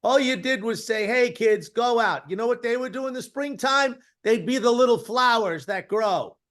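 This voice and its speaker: A man's voice: very high-pitched, moderate pace, a bit bright. A man co-hosting a podcast, delivering a rambling, grandiose, mock-philosophical comic monologue. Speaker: podcast co-host.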